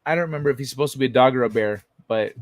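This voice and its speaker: A man's voice: medium pitch, rapid-fire, dry recording. A man hosting a livestream in casual, playful, profane chat, laughing often. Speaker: livestream host.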